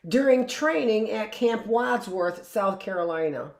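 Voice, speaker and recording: A woman's voice: mid-range voice, lively intonation, measured pace. Woman teacher reading aloud in a roomy space. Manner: reads aloud with chatty asides and self-corrections. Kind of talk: reading a history book aloud to a class.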